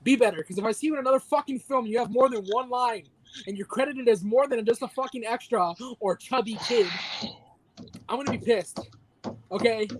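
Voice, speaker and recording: A man's voice: very high-pitched, a little fast, a little hiss or hum, poor audio. Heated, profane man ranting. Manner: profane, heated mock rant. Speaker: podcast co-host. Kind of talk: casual podcast chat.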